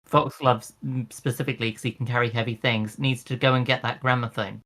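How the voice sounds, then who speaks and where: A woman's voice: very deep voice, fairly even intonation, a little fast, fairly bright tone. A woman playing a tabletop game, planning the group's moves in a practical way, with hesitant fillers. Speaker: player. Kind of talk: casual tabletop game chat.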